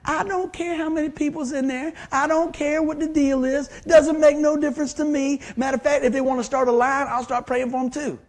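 A man preaching a sermon, telling stories in an animated way that swings from hushed to loud. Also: extremely high pitch, fairly quick, few pauses.

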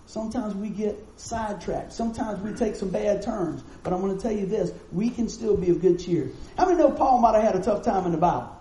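A pastor with a drawl, talking to his congregation in an easy, folksy way. His voice sits high for a man but sounds warm and mellow. The sermon echoes around a roomy church hall, with a faint murmur of ambience underneath. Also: a little fast, hardly any pauses, slight background noise. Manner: folksy, conversational preaching with rhetorical questions. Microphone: live stream mic.

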